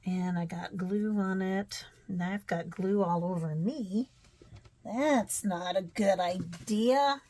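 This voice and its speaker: A woman's voice: mid-range voice, slow pace, mellow. A woman narrating her crafting casually, thinking aloud with chatty, self-deprecating asides.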